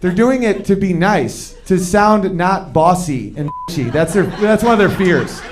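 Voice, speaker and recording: A man performing a stand-up comedy routine, telling stories with quick shifts into acted-out quotes of men and women, on a comedy club stage with a handheld mic while the audience laughs. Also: high-pitched, lively intonation, a little hiss or hum.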